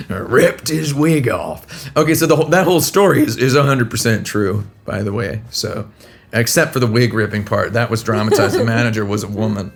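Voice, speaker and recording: A man with a lowish voice speaks at normal speed, telling casual stories on a live stream from a hotel room, wandering off and restarting and often laughing at his own jokes. Soft music plays behind him, and a laptop microphone records it.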